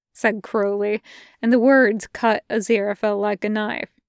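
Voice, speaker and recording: A woman narrating a fan fiction audiobook in a measured, intimate way, close to the mic. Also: mid-range voice, flat delivery, clear, resonant tone, dry recording. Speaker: podfic reader.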